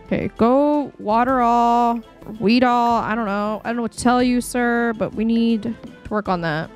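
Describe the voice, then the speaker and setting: Young woman, game streamer, casual commentary, slightly high-pitched, chatty and scattered, faint background music. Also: normal speed. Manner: chatty, scattered, self-talking with frequent fillers. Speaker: streamer playing a life-sim game.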